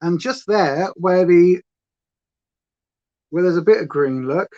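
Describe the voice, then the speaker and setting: A woman's voice: fairly low pitch, slow, warm tone. Chatty woman, slightly lo-fi. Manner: rambling, reads chat aloud, playful. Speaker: makeup livestream host. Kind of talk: chatty livestream makeup tutorial. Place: at home. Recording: slightly dull lo-fi sound.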